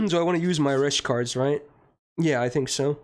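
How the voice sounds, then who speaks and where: A man's voice: on the high side, moderate pace. A man streaming a game live, talking casually to his chat and getting frustrated, swearing and ranting about the game.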